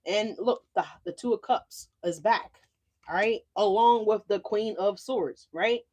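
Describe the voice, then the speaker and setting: A woman doing a casual tarot reading for her channel, talking loose and salty with frequent "right?" check-ins. Her voice sits at an ordinary middle pitch for a woman. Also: measured pace, darkish tone. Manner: chatty, profane, rhetorical "right?" asides. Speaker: tarot reader.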